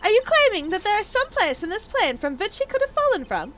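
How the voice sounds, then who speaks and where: A woman's voice: very high-pitched, sing-song, a little fast, fairly bright tone, slight background noise, pitched above the performer's own voice, exaggerated voice. A woman voicing an arrogant young female prosecutor who snaps back with scornful, imperious retorts. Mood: scornful, indignant. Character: haughty, whip-cracking young female prosecutor.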